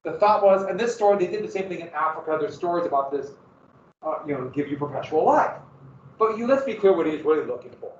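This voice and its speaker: High-voiced man lecturing in a classroom. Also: animated, fast, slight background noise. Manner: conversational, pointing at a map, frequent fillers. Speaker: teacher. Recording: roomy, distant, dull mic.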